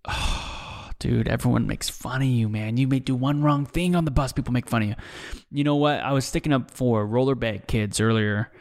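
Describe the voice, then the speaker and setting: A man's voice: medium pitch, normal speed, a little mellow. Rambling, cursing young man. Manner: profane, rambling, says "dude" a lot. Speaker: podcast host. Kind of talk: casual rambling monologue. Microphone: desk mic, seen drinking on video.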